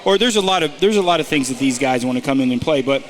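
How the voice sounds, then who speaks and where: A man's voice: mid-range voice, animated, quick pace. A man co-hosting a golf podcast in casual chat, giving betting picks and teasing his partner with stop-start banter.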